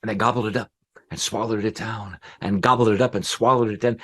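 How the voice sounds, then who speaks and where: A man who is a professional storyteller, telling a folk tale in an expressive, rhythmic way with repeated phrases. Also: fairly low pitch, moderate pace, slightly rough. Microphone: pre-made recording.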